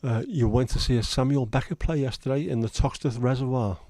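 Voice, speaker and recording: Male livestream host, rambling and blunt, mellow low voice, dry close sound. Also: brisk, no room sound. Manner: rambling, chatty, blunt with occasional swearing. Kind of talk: casual livestream chat.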